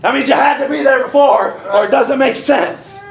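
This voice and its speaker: A man preaching a sermon in a folksy, animated way, acting out little voices as he goes, with a congregation calling out amens. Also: very high-pitched, moderate pace. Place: church. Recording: echoey church hall with congregation.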